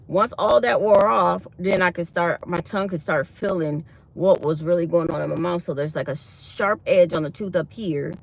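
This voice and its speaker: A woman chatting casually to her viewers, animatedly retelling her day. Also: medium pitch. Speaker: vlogger.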